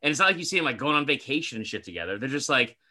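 Lively, animated young male podcast host. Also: mid-range voice, rapid-fire. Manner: animated, swearing, laughs a lot. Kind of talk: casual chat.

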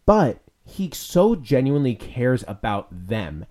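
A man co-hosting a podcast in casual chat, playful and quick with asides. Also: mid-range voice, sing-song, a little mellow. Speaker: podcast co-host.

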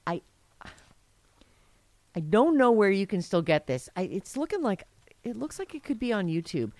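A woman's voice: mid-range voice, sing-song, moderate pace, a little mellow, dry recording. Woman podcast host, gushing and rambling, casual crude banter, dry close mic. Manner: enthusiastic, rambling, laughs often. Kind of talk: casual crude comedic chat.

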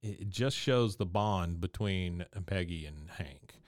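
A man's voice: low-pitched, takes it slowly, dry recording, studio quality. A man co-hosting a podcast, chatting casually as he recaps a cartoon episode and acts out the characters' lines. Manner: acts out quoted lines with laughs. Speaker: podcast co-host.

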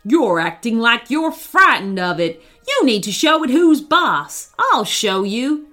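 A woman doing a gruff bossy crook. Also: fairly high pitch, big pitch swings, unhurried, pushed and bright, faint music behind, exaggerated voice. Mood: angry. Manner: gruff, snapping. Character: gruff bossy male crook, short-tempered.

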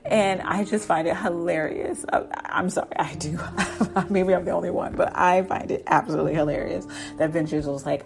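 A woman with a fairly low voice chats her way through a drama recap. She laughs often and slips into the characters' lines. Faint music plays underneath. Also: fairly quick, gravelly, darkish tone. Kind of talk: casual episode recap.

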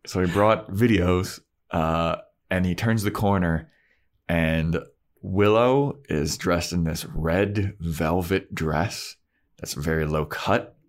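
Podcast co-host, low-pitched man, casual chat, acts out scenes. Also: takes it slowly. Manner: animated retelling, acts out characters' lines. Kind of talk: casual chat recapping a TV episode.

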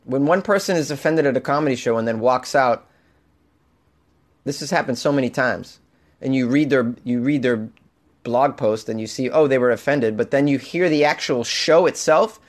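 A man hosting a solo comedy podcast, animated and over-caffeinated, swinging from loud jokes to muttered asides. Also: medium pitch, normal speed. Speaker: podcast host.

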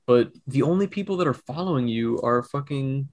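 A man's voice: mid-range voice, lively intonation, fairly quick, a little mellow, no room sound. A young man co-hosting a podcast in casual chat, rambling with restarts and swearing. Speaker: podcast co-host.

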